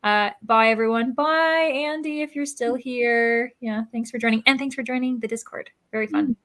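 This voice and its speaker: A woman's voice: a little high, normal speed, fairly bright tone. Chatty young woman with lots of likes. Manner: chatty, many likes and ums, reads chat messages aloud. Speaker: host of a livestreamed reading sprint. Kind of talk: casual livestream chat.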